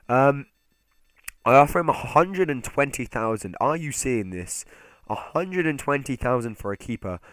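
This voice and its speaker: A man talks through his gameplay in a casual, chatty way, speaking straight to his viewers. His voice sits in an ordinary middle pitch. The sound is close and dry, with no room echo. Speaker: gaming channel host.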